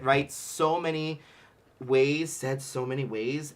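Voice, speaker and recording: A man leading a livestream ukulele workshop. He chats casually with lots of fillers and laughs, and sounds out Hawaiian words slowly, syllable by syllable. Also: mid-range voice, fairly bright tone. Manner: chatty with frequent fillers and laughter. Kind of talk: livestream music lesson.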